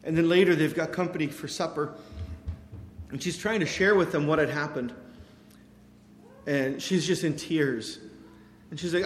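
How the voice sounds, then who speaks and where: Guy preaching a sermon, kinda high voice, lots of "you know", big echoey hall w faint room hum. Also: normal speed, long pauses. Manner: animated storytelling with quoted voices, many fillers. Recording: echoey hall with long reverb.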